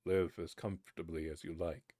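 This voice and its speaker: A man reads a fairy tale aloud in a low, measured voice, lifting it a little for the characters' lines. The recording is close and dry, with no room sound. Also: flat delivery, warm tone, no echo. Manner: unhurried, lightly voicing the characters' lines. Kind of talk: storybook reading aloud. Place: home streaming setup.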